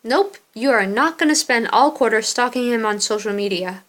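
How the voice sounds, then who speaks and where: A woman's voice: a little high, moderate pace, a bit bright, natural voice. A woman voicing a blunt, protective young college woman who speaks in a firm, teasing way, in a fan reading of a story game. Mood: scolding.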